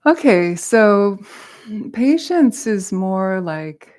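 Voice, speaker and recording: A woman's voice: medium pitch, sing-song, extremely slow, a little mellow, smooth. A woman dharma teacher giving a talk with personal stories, candid, laughing often and swearing freely.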